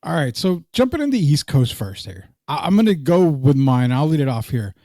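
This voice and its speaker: A man's voice: fairly high pitch, big pitch swings, moderate pace, warm tone, soft background music. A man co-hosting a casual sports podcast, joking and reading live comments aloud. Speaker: podcast co-host.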